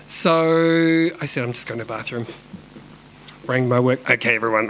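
A man's voice: mid-range voice, fairly even intonation, normal speed, bright, forceful tone, a little hiss or hum, low-quality recording. A middle-aged man, telling a personal story in a candid way, swearing freely and sometimes dropping to a whisper. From New Zealand. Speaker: dance company director telling a personal story.

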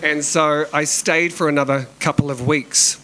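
This New Zealander, a middle-aged man who directs a dance company, candidly recounts a personal story, swearing freely and occasionally whispering. His voice is fairly high, steady, bright, and forceful at a normal speed, and the rough recording has slight background noise.

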